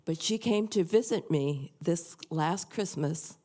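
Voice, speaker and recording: An older woman shares a personal testimony before a church congregation. She speaks slowly in a low, mellow voice that is earnest and softly confiding. Her unhurried delivery suits the quiet setting. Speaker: church member sharing a testimony. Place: church sanctuary.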